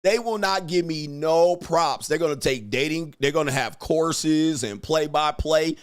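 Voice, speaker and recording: A man ranting casually on a livestream, animated and emphatic, laughing and repeating himself for emphasis. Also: fairly high pitch, measured pace, clean tone. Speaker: dating commentary streamer.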